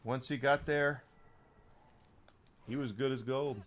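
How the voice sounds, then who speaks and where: A man's voice: mid-range voice, fairly even intonation, slow, fairly bright tone, a little hiss or hum. A man live-streaming a game, chatting casually and rambling to his chat between plays. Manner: rambling, chatty, talks to chat while playing.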